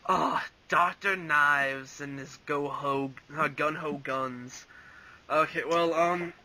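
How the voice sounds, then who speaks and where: A man's voice: fairly high pitch, steady tone, takes it slowly, sharp tone, rough recording. A young man rambling casually as an interview guest, full of "like" and "um" and frequent laughs. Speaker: interview guest, fan voice actor.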